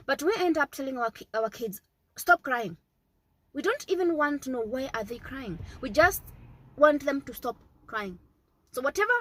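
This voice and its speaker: Her voice sits high, and the recording is low quality. She's a thirtysomething mother and parenting vlogger offering earnest, repetitive advice straight to camera in a casual way, frequently asking "okay?".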